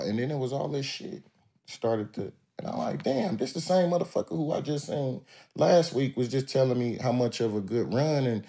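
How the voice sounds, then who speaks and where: A man's voice: mid-range voice, expressive, moderate pace, mellow. A man as a podcast guest telling stories in a laid-back, drawling, profane way, often acting out what others said. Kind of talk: casual interview storytelling.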